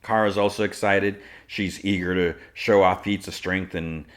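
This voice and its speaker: A man's voice: sits low, steady tone, normal speed. A man hosting a podcast, recapping an episode in a casual, rambling way with lots of fillers and restarts. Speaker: podcast host.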